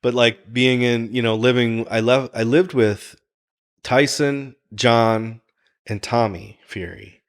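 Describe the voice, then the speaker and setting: A man talking casually on a podcast, telling animated stories and laughing often. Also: medium pitch, slow. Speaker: guest, fighters' chef.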